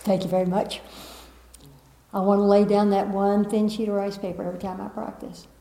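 A woman's voice: mid-range voice, flat delivery, brisk, vocal fry, dark tone. A woman spiritual teacher giving a talk to a live audience, emphatic and repetitive, with playful asides. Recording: roomy echo of a meeting room.

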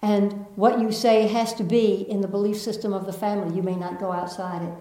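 A woman's voice: mid-range voice, little pitch movement, dark tone. Echoey woman leading a workshop. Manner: playful, laughing, then slow and soothing. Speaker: workshop facilitator. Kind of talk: guided group workshop talk. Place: indoor group room. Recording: echoey room.

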